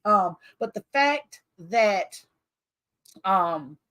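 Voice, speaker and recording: A woman's voice: mid-range voice, very slow. A woman author hosting her own book launch in casual, rambling chat that keeps losing its thread. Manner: chatty, rambling, loses her train of thought; expressive, animated with laughter.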